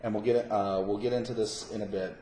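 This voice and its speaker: Casual male storyteller, lowish voice, stammers and restarts a lot, echoey room with faint noise. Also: steady tone, fairly quick, dark tone. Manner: rambling, stammering restarts, swears when worked up. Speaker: podcast guest telling a story.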